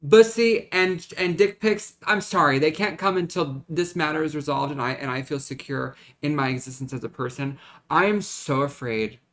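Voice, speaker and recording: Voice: medium pitch, moderate pace, a bit bright. A vlogger talking to camera in a rambling, dramatic, self-mocking way, in a casual rant.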